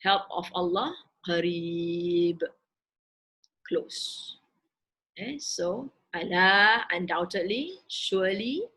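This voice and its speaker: Woman, raspy voice, halting step-by-step teaching, many fillers. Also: mid-range voice, lively intonation, bright, forceful tone, rough recording. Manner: halting, explaining word by word with many fillers and restarts. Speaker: Quranic Arabic teacher. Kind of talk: recorded grammar lesson.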